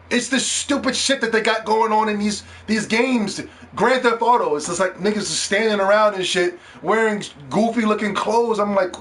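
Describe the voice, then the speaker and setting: A man hosts a casual gaming podcast with an animated, profane rant. His voice sits a little high for a man, and he mocks other people in put-on voices. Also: normal speed, few pauses. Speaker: podcast host.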